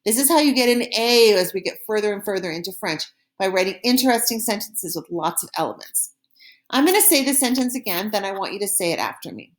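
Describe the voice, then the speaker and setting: A woman teaching a recorded French lesson, explaining in a friendly classroom way and saying model phrases slowly and clearly for repetition. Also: mid-range voice, expressive. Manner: slow, carefully pronounced model phrases for repetition; friendly classroom explaining with small slips and laughs.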